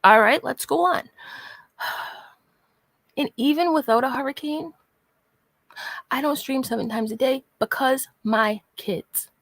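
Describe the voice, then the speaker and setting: Brief: fed-up woman commentator, sarcastic, sighing, slightly high voice, dry close sound. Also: a little slow, pauses often, fairly bright tone, dry recording. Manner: repeatedly addresses someone by name. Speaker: commentary vlogger. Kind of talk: casual commentary rant.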